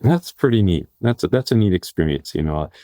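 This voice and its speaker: A man hosting an interview podcast, speaking in a halting, soft-spoken way with repeated words. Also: low-pitched, animated, no echo, studio quality. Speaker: podcast host. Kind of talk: casual interview.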